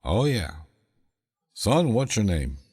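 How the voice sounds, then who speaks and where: Big burly janitors question a boy in a mock-serious tone, as a man puts them on. The voice rises well above the narrator's own deep bass and stays husky. Long reverb hangs behind it. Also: sing-song, takes it slowly, darkish tone, exaggerated voice. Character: big burly male janitors, playing along.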